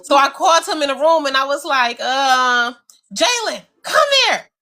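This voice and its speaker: A woman's voice: high voice, normal speed. A woman, co-hosting a casual talk show, telling a story animatedly and talking straight to listeners. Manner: animated, addresses listeners as y'all, acts out voices. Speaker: show co-host.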